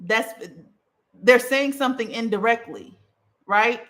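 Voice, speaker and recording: A woman coaching on communication in a casual teaching talk, emphatic and animated, checking in with the listener after nearly every point. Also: a little high, unhurried. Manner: emphatic, checks in with "okay?" and "right?"; animated, punchy delivery.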